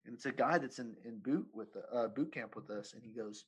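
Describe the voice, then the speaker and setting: A man's voice: medium pitch, brisk, hardly any pauses, slightly rough, poor audio. A man in his thirties telling a story in casual chat, rambling, swearing and laughing often. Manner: profane, rambling, laughs often, says "dude" constantly.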